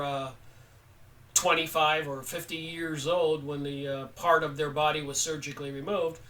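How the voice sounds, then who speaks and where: A man giving an unhurried spoken book review, halting often with pauses as he talks. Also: a little high, bright, forceful tone, recorded from a distance, poor audio. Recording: voice set back from the mic.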